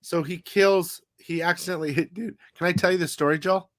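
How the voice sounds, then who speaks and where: A man's voice: sits high, fairly even intonation, brisk, a bit bright, no echo. A man hosting a comic haul live stream, chatting casually in a rambling, profane way. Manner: rambling, profane, loose storytelling. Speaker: comic haul show host.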